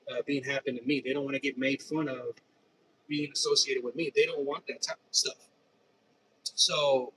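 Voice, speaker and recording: A man's voice: mid-range voice, fairly bright tone. A man telling a personal story in a rambling, repetitive way, often restarting his sentences. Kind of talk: casual personal monologue. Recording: distant mic with faint background noise.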